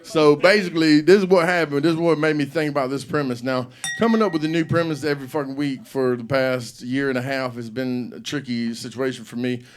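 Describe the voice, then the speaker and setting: A man's voice: mid-range voice, fairly even intonation, fairly quick, few pauses. A middle-aged man hosting a comedy show on stage, telling profane stand-up stories and acting out scenes. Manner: loud, profane storytelling with act-outs.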